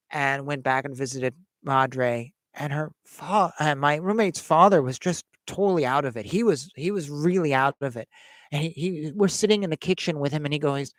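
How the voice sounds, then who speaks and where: A man's voice: a little high, no room sound. A man hosting a livestream, telling a personal story in a hesitant way, repeating words and acting out the voices of the people in it. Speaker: host.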